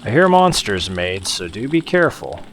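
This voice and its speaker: A man hosting a let's play, commenting excitedly on a horror game and swearing at scares. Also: fairly low pitch, normal speed, slight background noise. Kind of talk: gameplay commentary.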